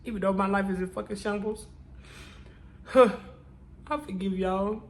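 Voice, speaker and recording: A woman's voice: mid-range voice, fairly even intonation, normal speed, slight background noise, poor audio. A woman speaking straight to her viewers in an emotional confessional vlog. She sounds tearful and talks in a prayerful, testifying way, repeating her lines over and over. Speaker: vlogger.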